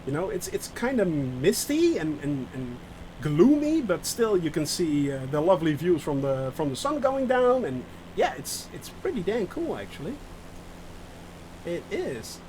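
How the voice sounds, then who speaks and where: A man's voice: on the high side, sing-song, measured pace, darkish tone, a little hiss or hum, low-quality recording. A man live-streaming a flight simulator game, rambling to his chat with many fillers and restarts and mocking himself. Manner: rambling, self-mocking, answers chat aloud.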